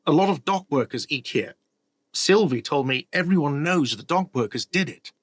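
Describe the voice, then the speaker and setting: A man's voice: fairly high pitch, expressive, normal speed, no echo. A man voicing a whiny, defensive male cafeteria manager in a game.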